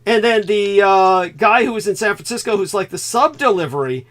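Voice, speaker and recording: A man hosting a livestream, telling a rambling, animated story with profanity in casual chat. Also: sits high, moderate pace. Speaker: livestream host. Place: home.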